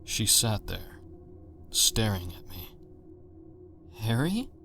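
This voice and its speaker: Deep-voiced man narrating a horror story. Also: fairly even intonation, music in the background. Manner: measured, tense storytelling.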